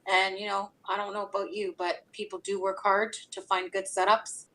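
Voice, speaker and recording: A woman's voice: mid-range voice, flat delivery, moderate pace, fairly bright tone, poor audio. A woman hosting a trading show, talking in a chatty way with lots of "you know" fillers. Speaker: stock trading show host. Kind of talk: casual market commentary.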